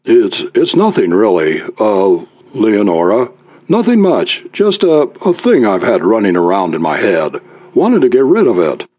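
A man's voice: on the low side, sing-song, a little slow, darkish tone, no room sound, lo-fi sound. A man voicing a hunched, brooding husband who hesitates and mumbles, reciting grim verse. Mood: hesitant.

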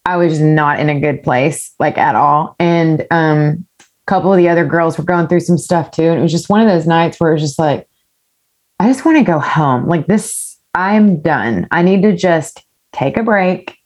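A woman with a slightly low voice, chatting as a singer-songwriter guest. She tells her story in a candid, rambling way and swears without a second thought. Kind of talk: casual interview chat.

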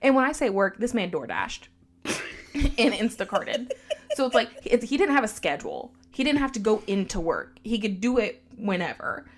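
A woman telling a story on a casual podcast, animated and quoting others in her own voice. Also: medium pitch, normal speed. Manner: animated, heavy use of "like", quotes people in her own voice.

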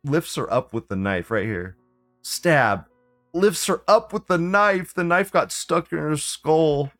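A man hosting a live show, reading forum posts aloud and reacting in an excitable, profane, rambling way. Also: a little high. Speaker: livestream host.

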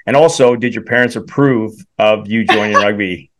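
A man's voice: on the low side, normal speed, a bit bright. Self-deprecating male co-host. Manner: self-deprecating, chuckles while asking. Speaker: podcast co-host. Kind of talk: casual interview chat.

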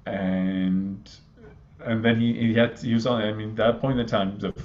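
A man in his thirties from Iraq, a guest calmly telling a personal story in a halting way, with many fillers, on a slightly muffled recording. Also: fairly low pitch. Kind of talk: conversational storytelling. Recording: slightly dull, muffled audio.

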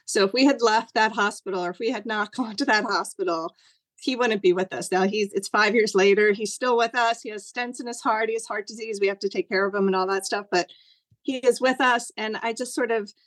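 A middle-aged woman telling a personal story on a video call, animated, acting out her own past words in a higher voice. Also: a little fast, no room sound. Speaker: guest sharing a personal story. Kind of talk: conversational storytelling over a call.

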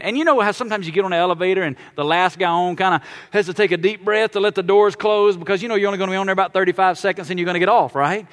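High, bright-voiced male pastor preaching. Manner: animated storyteller with a self-mocking humor. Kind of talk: sermon with personal story.

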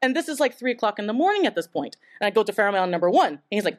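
A woman's voice: mid-range voice, animated, racing, few pauses. A young woman from Taiwan telling a story on stage at a live event, chatty and casual, full of "like" and laughing often. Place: live event in front of an audience.

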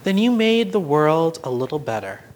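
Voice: mid-range voice, very animated, moderate pace, a little mellow, slight background noise, close to an everyday voice. A storyteller reading a picture book aloud, voicing a kind, bearded old grandfather who runs a bakery. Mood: gentle.

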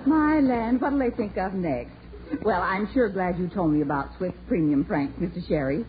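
A woman's voice: medium pitch, expressive, normal speed, a faint crowd, natural voice. An actress playing a chatty, easily flustered middle-aged housewife and mother in a 1940s-style radio comedy. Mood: polite. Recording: tinny old radio broadcast with hiss.

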